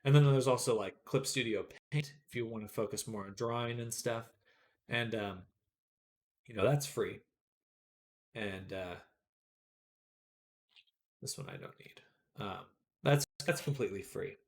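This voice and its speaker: A man's voice: fairly low pitch, a little slow, long pauses. A man chatting casually on a live stream while he draws, rambling with many fillers and answering viewers' comments.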